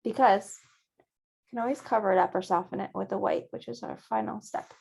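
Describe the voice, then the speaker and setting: A woman teaching a virtual painting class, guiding students gently step by step at a close mic. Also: medium pitch, steady tone, a little fast, gravelly, husky. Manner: gentle, encouraging step-by-step guidance. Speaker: painting instructor.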